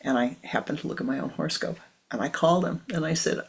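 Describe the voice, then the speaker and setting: Older spiritual teacher, gravelly voice, talks slow and soft, keeps slipping into a whisper, mid pitch. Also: poor audio. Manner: soft and measured, often dropping to a whisper. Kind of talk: spiritual talk leading a meditation.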